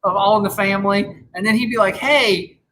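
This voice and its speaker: A man's voice: high-pitched, flat delivery, fast talker, a bit bright, rough recording. A man in his thirties chatting casually on a podcast, rambling with lots of restarts and swearing freely. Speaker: podcast host. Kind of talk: casual chat.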